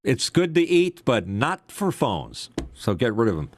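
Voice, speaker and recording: A man's voice: mid-range voice, wildly swooping pitch, unhurried, a little hiss or hum. An older man, a former radio DJ, co-hosting a casual talk show and telling stories with lots of fillers. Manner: rambling storyteller, many fillers. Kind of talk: casual podcast chat.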